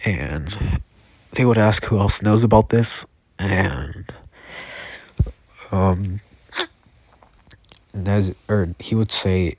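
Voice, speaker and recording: A tired man improvising a fan story aloud, halting and correcting himself often. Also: low-pitched, a little mellow, no room sound. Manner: halting, self-correcting, many fillers.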